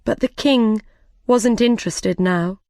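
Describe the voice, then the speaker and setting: Woman storyteller, slow and careful read-aloud, dry close sound. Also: a little high, dark tone, no echo.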